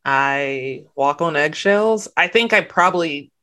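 A woman hosting a podcast, chatting candidly with quick asides. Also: low-pitched, animated, pushed and bright. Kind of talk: casual podcast chat.

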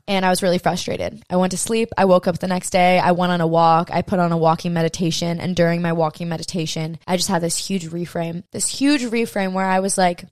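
A woman's voice: mid-range voice, fairly even intonation, brisk, no room sound, studio quality. A young woman hosting a podcast, telling a personal story while crying, emotional and swearing freely, acting out her own inner voices. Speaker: podcast host. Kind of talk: personal confessional monologue.

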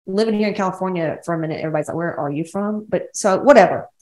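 She talks rapid-fire in a lowish, darkish voice, in a roomy-sounding space. A Southern-accented woman from West Georgia, she hosts her own podcast as a women's coach, rambling and blunt with plenty of cursing in a casual monologue.

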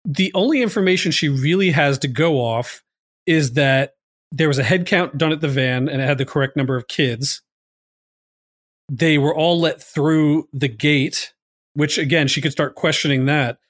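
A man with a slightly higher voice rambles through a casual movie podcast, full of "like" and "um." The sound is dry and close, with no room echo. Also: normal speed. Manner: rambling, filler-heavy, lots of "like". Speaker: podcast host.

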